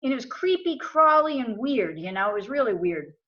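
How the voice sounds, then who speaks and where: American woman talking casually, acting out what people said, kinda high voice, muffled audio. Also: fairly quick. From USA. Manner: animated retelling with quoted dialogue. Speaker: interview guest. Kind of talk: casual storytelling.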